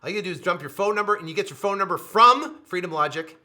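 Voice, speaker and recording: A man in a driven sales pitch, hammering the same phrases again and again. His voice sits high and sounds bright and forceful. Now and then he drops into a low, quiet aside. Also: fast. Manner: repetitive, emphatic, with sudden drops to a low mutter. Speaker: host pitching his software.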